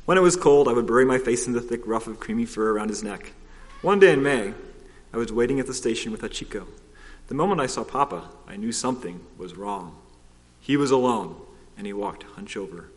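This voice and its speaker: A man's voice: lowish voice, animated, fairly quick. Man reading a storybook aloud. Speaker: narrator. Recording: long hall reverb.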